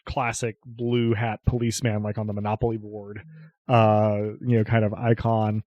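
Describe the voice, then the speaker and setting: A man narrating as game master of a tabletop game, often chuckling and pausing on fillers. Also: lowish voice, no room sound, highs cut off. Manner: relaxed, chuckling, searching with many fillers.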